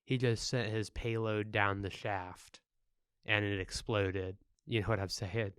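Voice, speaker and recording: A young man with a somewhat low, smooth voice chats on a podcast. He is laid-back and joking, sometimes crude. The recording is dry and close-miked. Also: fairly even intonation, unhurried, a bit bright, dry recording. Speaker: podcast co-host. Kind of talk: casual chat.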